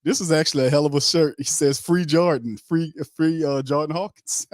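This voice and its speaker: A podcast host runs a casual sports talk show, loose, emphatic and slangy, with many restarts. His voice is on the high side and darkish, with fairly even intonation and a moderate pace, captured in clean studio sound with no room sound.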